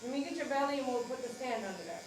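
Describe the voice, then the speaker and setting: A woman's voice: high voice, racing, noisy background. Cheery woman groomer cooing at a dog. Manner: coos and baby-talks to the dog, bursts into cheers. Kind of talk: live grooming chat with viewers. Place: grooming salon. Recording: echoey room.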